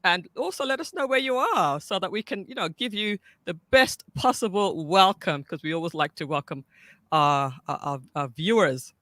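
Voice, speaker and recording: A woman's voice: on the low side, lively intonation, normal speed, fairly bright tone, dry recording. A woman hosting a live-stream interview, effusive and welcoming, often repeating her words as she speaks. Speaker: host.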